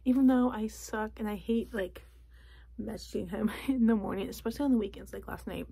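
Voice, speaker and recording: Young woman chatting to camera from her closet, quiet and whispery, kinda husky with some fry. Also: medium pitch, brisk. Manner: soft, often drops to a whisper. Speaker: vlogger. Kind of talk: casual chat to camera. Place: home closet.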